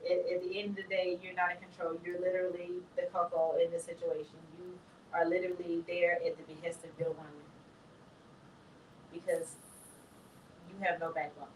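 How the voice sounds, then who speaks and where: A woman's voice: on the low side, little pitch movement, brisk. A woman co-hosting a podcast in casual chat, blunt and emphatic, leaning on the word "literally". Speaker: podcast co-host. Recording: roomy echo, distant mic, faint noise.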